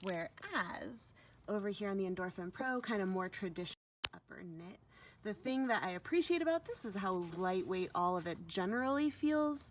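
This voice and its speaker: A woman's voice: mid-range voice, lively intonation, normal speed, slight background noise. A young woman giving a chatty, upbeat vlog review of running shoes, full of fillers.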